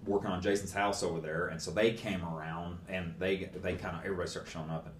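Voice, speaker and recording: A man's voice: deep voice, fairly even intonation, fast, reverberant. A man telling a long story in casual speech, plainspoken and rambling, with folksy phrasing.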